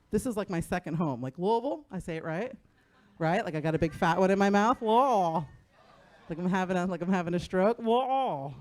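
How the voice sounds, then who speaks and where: A middle-aged woman from New Jersey doing a profane stand-up set on a club stage, often laughing at her own lines. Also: a little mellow. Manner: brash, profane, laughing often, acting out her son in a high voice. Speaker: stand-up comedian. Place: comedy club stage before a live audience.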